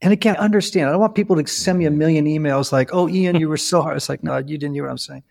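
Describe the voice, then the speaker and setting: Male podcast host, fifties, gravelly and a touch high, earnest storyteller. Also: fast talker. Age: 50s. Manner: earnest, storytelling, animated emphasis. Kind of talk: casual interview chat.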